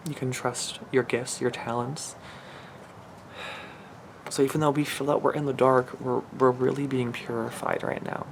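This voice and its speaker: A man's voice: mid-range voice, little pitch movement, moderate pace, creaky, a little hiss or hum. A man giving a channeled spiritual reading in an emotional, earnest way, rambling and restarting his sentences. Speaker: spiritual reader.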